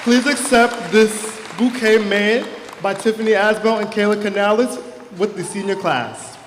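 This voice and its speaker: High-voiced young man in an echoey hall. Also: unhurried, a faint crowd, slight background noise. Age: young adult. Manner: earnest, heartfelt, emotional at times. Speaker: class president giving a graduation speech. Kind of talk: prepared graduation speech. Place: large hall or auditorium. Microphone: microphone on a stage. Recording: echoey hall with long reverb.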